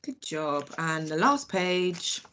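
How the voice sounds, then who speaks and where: Slow, patient British woman teaching phonics. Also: sits low, sing-song, fairly bright tone. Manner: slow, sounds out letters one by one, praises often. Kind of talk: phonics lesson for children.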